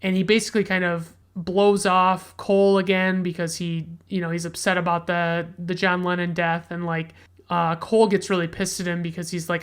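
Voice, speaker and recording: A man's voice: high voice, completely flat delivery, moderate pace, a bit bright, clean tone. A man hosting a casual solo podcast, reviewing a film in a rambling, chatty way and swearing freely.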